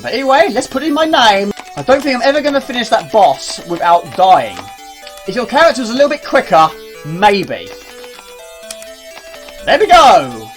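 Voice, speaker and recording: Lively woman narrating gameplay. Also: a little high. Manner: chatty, self-mocking, talks to herself. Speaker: gaming video creator. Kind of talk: casual gameplay commentary.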